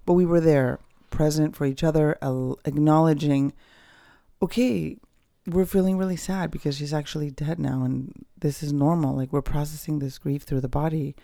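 A woman hosts her own podcast from home, speaking in a loose, candid and reflective monologue. Her voice has a gravelly, mellow texture, and she often trails off, restarts and fills pauses. The sound is close and dry. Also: low-pitched, fairly even intonation, no echo. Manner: candid, rambling, with frequent fillers and restarts. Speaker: podcast host. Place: at home, dogs nearby.

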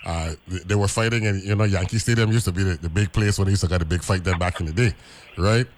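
A man hosts a radio talk show in a low voice. He rambles, doubles back on words and keeps checking in with "right?". A faint hiss sits under his voice. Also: fast. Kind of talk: casual radio chat.

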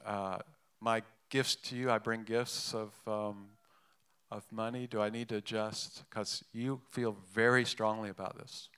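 A man's voice: fairly low pitch, level tone, unhurried, a bit bright, clear, resonant tone. A man preaching a sermon in a conversational way, with asides and restarts. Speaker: pastor.

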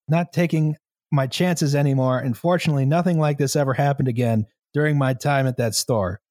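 A man reading a story aloud to a co-host in a measured, steady way, now and then breaking into laughter. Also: medium pitch, dry recording, clean studio sound. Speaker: story reader.

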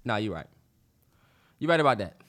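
A man's voice: lowish voice, big pitch swings, brisk, a bit bright. A man co-hosting a podcast in casual chat, talking animatedly and emphatically with lots of slang and filler ums. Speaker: podcast co-host.

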